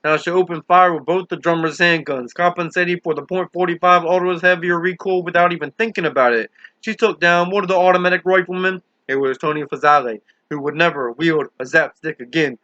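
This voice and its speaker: Male audiobook narrator, steady earnest reading, bright forceful voice, dry close sound, dull lo-fi recording. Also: fairly high pitch, brisk, dry recording. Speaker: audiobook reader.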